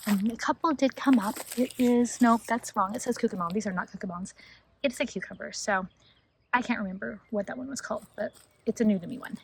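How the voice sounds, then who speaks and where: A woman's voice: fairly high pitch, fairly quick, creaky, slight background noise. A woman giving a casual, enthusiastic walking tour of her home vegetable garden outdoors, chatting to viewers as she films. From Northern California. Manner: chatty and enthusiastic, talks to viewers as "you guys". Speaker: homestead gardening vlogger.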